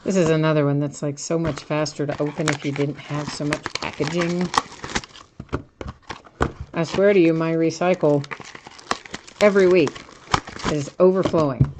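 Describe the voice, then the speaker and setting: A woman's voice: low voice, fairly even intonation, moderate pace, pauses often, noisy background. A woman hosting a live card break, chatting casually as she opens packs and reads out each card.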